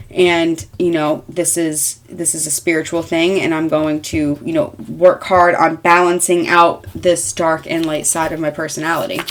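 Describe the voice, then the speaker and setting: A woman in her thirties talks through a tarot reading in a casual, rambling way. Her voice sits a little low. She is frank, swears lightly and fills her sentences with fillers. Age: 30s. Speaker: tarot reader.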